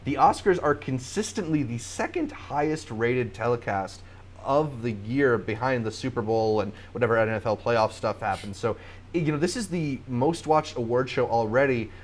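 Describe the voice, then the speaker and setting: Guy hosting a podcast, long rambly takes, normal pitch. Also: lively intonation, moderate pace, slight background noise. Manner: talkative, explains with long run-on points. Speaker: podcast host. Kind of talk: casual podcast discussion.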